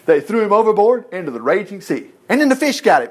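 A man preaching a sermon in an animated, emphatic way, with joking asides and chuckles. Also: high voice, fast.

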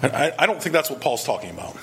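A man's voice: mid-range voice, very animated, racing, noisy background. A male pastor preaching a sermon, earnest and emphatic, pressing his point with repeated rhetorical questions.

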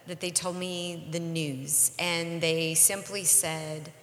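Co-host: woman in her 40s, bright and earnest, candid storyteller, roomy reverberant sound. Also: lowish voice, steady tone. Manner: earnest, reflective, measured. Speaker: podcast co-host.

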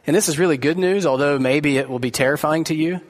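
Male pastor, slightly higher voice, earnest and conversational sermon, echoey hall. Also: fast talker. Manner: conversational and earnest, asks the listeners direct questions.

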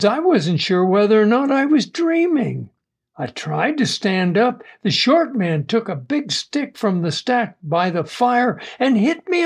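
A man narrating a first-person adventure audiobook in a measured, plain storytelling manner. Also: sits high, slightly rough.

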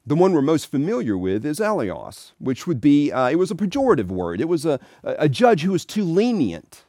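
Male Catholic speaker with a sermon-style talk. His pitch swings widely, and he tells his stories in an animated way. Dry, close sound. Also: no room sound. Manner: animated storytelling with acted quotes.

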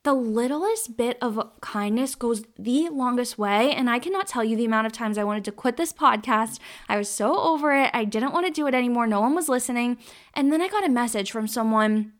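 A young woman in her twenties talks alone on her podcast, rambling and heartfelt, with many fillers. Her voice sits a little high and she sounds close to tears. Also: expressive, brisk. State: tearful, near crying. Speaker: podcast host. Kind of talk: solo podcast monologue.

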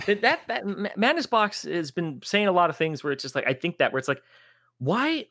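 A man's voice: high voice, brisk, no echo, studio quality. A man co-hosting a casual gaming podcast, ranting in an exasperated way, swearing freely and laughing at his own jokes. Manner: swearing, exasperated, animated rants with laughing asides. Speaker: podcast co-host, former esports commentator.

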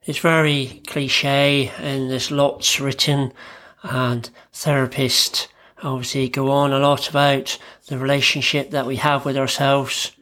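Man, therapist, solo podcast, calm, reflective, measured phrasing, middle pitch.

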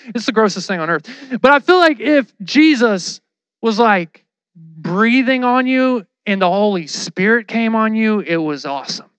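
A man giving a casual, lively sermon, telling the story with slang and acting out the people in it. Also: high voice, measured pace, clear, resonant tone, no echo.

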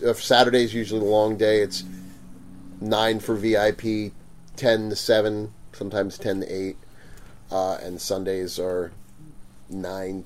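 A man's voice: lowish voice, darkish tone, slight background noise. A man casually telling a story about a rude customer at his convention booth, acting out the quotes, swearing and laughing often.

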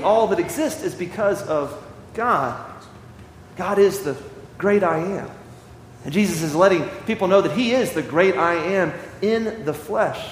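A man with a fairly high voice delivers a sermon from a church sanctuary. He reads scripture slowly and leans hard on key phrases. The sound is roomy, with a long reverb and faint ambience behind him. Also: fairly bright tone, slight background noise. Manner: slow, emphatic scripture reading. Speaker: pastor. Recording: echoey hall, slight ambience.

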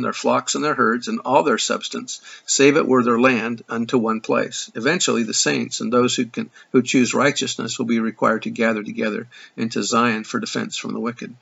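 A man teaching from scripture reads the verses aloud and breaks off for dry comments, stumbling now and then. His voice is gravelly and a little husky. The recording is muffled and lo-fi. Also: mid-range voice, steady tone, fairly quick, hardly any pauses, a bit bright. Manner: dry asides, occasional stumbles. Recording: dull lo-fi recording.

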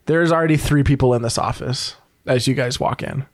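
A man's voice: mid-range voice, fairly quick, no echo. A young man narrating as game master, casual and rambling with many fillers.

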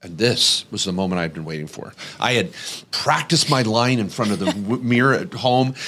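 Male podcast host, middle-aged, animated storyteller with a very lively pitch. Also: normal speed. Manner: lively, acts out voices in anecdotes.

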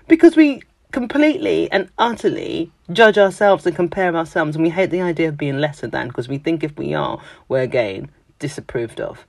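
A speaker from London with a London accent, talking in a casual monologue, emphatic and expressive, often mimicking everyday phrases. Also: medium pitch, moderate pace, gravelly, few pauses, no room sound. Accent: London English. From London, England.

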